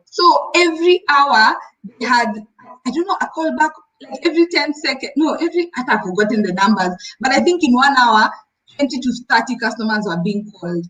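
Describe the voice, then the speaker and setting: A woman's voice: sits high, fairly quick, poor audio. A woman, co-hosting a casual business chat and acting out stories. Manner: animated storyteller, acts out callers. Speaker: co-host, rabbit seller.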